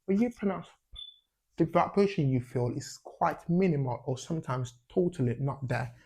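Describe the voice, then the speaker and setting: A man's voice: a little high, lively intonation, normal speed, gravelly, darkish tone, breathy edge. A man teaching an English pronunciation lesson, repeating sounds as drills and checking in with a questioning "yeah?" after each point.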